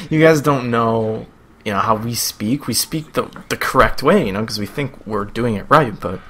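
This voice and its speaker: Young man, Buffalo accent, bright sharp tone, chatty, rambling, gameplay commentary. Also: medium pitch, normal speed. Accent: Buffalo, New York. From Buffalo, New York. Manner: rambling, chatty, self-amused. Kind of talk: casual rambling video game commentary.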